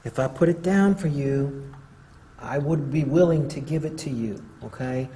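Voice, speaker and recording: A man working as a paranormal investigator, coaxing unseen spirits with gentle, pleading, repetitive talk inside a derelict island building. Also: medium pitch, normal speed, rough recording. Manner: gentle, pleading, repeats himself.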